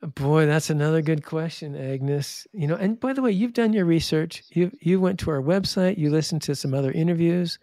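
A man telling stories in an interview in an animated way, often restarting and acting out the people he quotes. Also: a little high, moderate pace, few pauses, no room sound, studio quality. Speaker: charity founder and guest. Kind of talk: interview storytelling.

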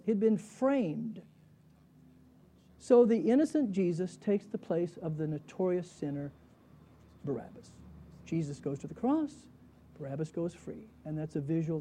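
A Bible teacher preaches a sermon in a high voice that is also deeply mellow and dark, at normal speed. His teaching is animated and story-driven, with rhetorical questions tossed to listeners and the occasional chuckle.

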